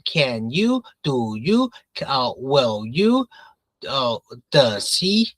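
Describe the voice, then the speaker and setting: A man teaching an English grammar lesson, going back and forth between English and Mandarin, repeating phrases and filling pauses with uh and okay. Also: medium pitch, sing-song, no echo, rough recording.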